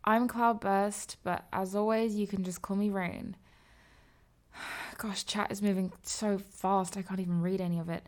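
A woman playing a breathy, flustered young streamer. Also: medium pitch, steady tone, lightly acted.

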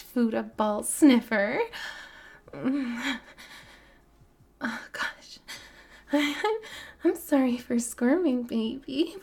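A high-voiced young woman speaks in a whispered role-play, unhurried almost to a crawl. Her delivery is soft and breathy, padded with long murmured pauses. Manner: slow, soft and breathy, with many drawn-out murmurs.

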